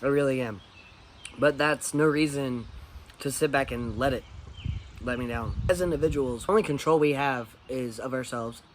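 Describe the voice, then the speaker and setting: A man's voice: medium pitch, normal speed, slight background noise. A man talking candidly in a casual vlog monologue, blunt and swearing freely. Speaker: vlogger.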